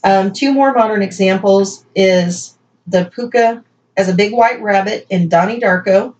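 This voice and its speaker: A woman's voice: mid-range voice, measured pace, darkish tone, highs cut off. A woman co-hosting a casual podcast, reading folklore notes aloud with chatty asides and playful emphasis. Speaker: podcast co-host.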